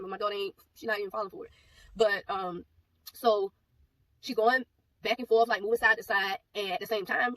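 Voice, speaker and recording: A woman giving a personal testimony, telling the story in a rapid, animated way and acting out the back-and-forth of the exchange. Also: a little high. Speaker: ministry speaker giving a testimony. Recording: voice a bit far from mic, faint background noise.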